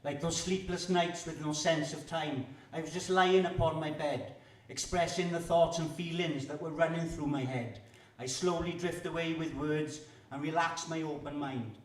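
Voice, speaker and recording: A man's voice: fairly high pitch, moderate pace, hardly any pauses. A man from Wales, performing his own rhyming poems aloud. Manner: rhythmic rhyming recitation. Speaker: performance poet. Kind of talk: poetry performance. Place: live venue with audience. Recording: echoey room, distant mic.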